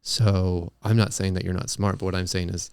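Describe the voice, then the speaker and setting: A man's voice: low voice, flat delivery, moderate pace, gravelly, darkish tone, clear, resonant tone, no echo. A young man co-hosting a comedic podcast, rambling and hesitant, often stopping to restart his lines. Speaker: podcast co-host.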